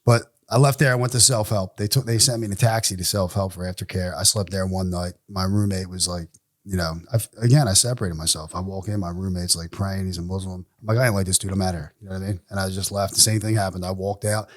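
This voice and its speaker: A man's voice: low voice, fast. A man in his forties, a podcast guest, tells his recovery story candidly and bluntly, swearing freely and acting out what other people said. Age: 40s. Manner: blunt, profane, animated storyteller; acts out other people's lines in quoted voices.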